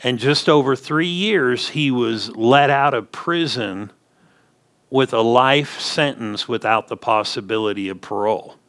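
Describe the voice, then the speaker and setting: Male pastor, mid-pitched, folksy sermon storyteller with emphatic swells. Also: unhurried, a bit bright. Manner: folksy storytelling preacher, rising emphatic punches.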